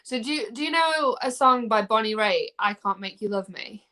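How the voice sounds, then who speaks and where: A woman's voice: on the high side, lively intonation, moderate pace, pushed and bright. A young woman with an English accent chats casually about her music. She meanders, restarts her sentences and leans on fillers as she works things out. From England. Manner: chatty, rambling with many fillers and restarts. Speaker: singer. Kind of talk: casual video chat.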